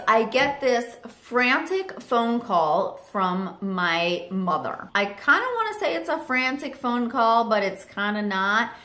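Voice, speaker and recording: A young woman telling a chatty storytime vlog story, animated with lots of fillers. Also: a little high. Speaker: vlogger. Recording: roomy echo.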